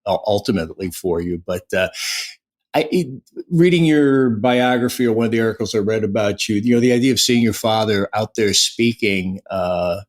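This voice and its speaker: A man co-hosting an interview podcast, asking halting, hesitant questions and laughing easily. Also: on the low side. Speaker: podcast co-host. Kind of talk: casual interview.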